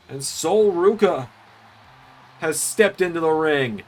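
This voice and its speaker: A man hosting and commentating on a wrestling video game series, doing chatty, excitable play-by-play with jokes. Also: fairly high pitch, takes it slowly, pauses often.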